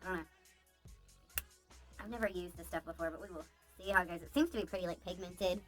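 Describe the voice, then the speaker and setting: A woman talks casually into the camera at home in a bright, clear voice. She rambles from one aside to the next, peppering her talk with fillers as she chats. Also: on the low side, fast, soft background music. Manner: rambling, chatty, many "like"s and asides. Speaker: beauty vlogger. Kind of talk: casual chatty DIY vlog.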